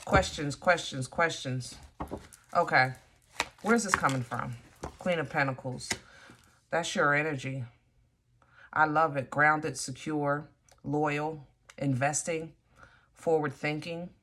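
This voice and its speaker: Blunt, animated woman reading tarot. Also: low-pitched, slow, long pauses, slight background noise. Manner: animated, blunt, swears in frustration, addresses viewer directly. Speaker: tarot reader.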